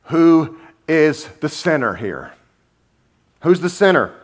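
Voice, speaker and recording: A man preaching a sermon as pastor, animated and humorous, acting out the people in his story. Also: on the high side, slow pace. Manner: animated storytelling, acting out quotes with shifting voices; sarcastic, humorous asides.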